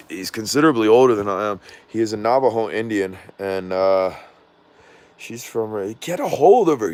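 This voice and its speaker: A man casually vlogging from his home, rambling and losing his train of thought, with a slangy way of talking and a voice he says is off. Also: lowish voice. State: says his voice is not normal. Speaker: drone vlogger. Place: at home indoors.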